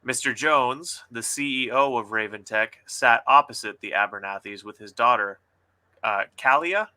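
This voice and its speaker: A man hosting a casual book critique show, reading passages aloud and joking with playful dramatic pauses. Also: mid-range voice, sharp tone.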